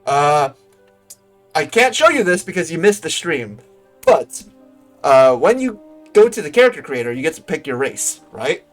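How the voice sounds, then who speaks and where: A man's voice: on the high side, sing-song, moderate pace. Guy livestreaming a game, jokey and self-deprecating, voice all over the place, faint music under it. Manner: joking, self-deprecating asides. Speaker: streamer. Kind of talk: live game stream commentary.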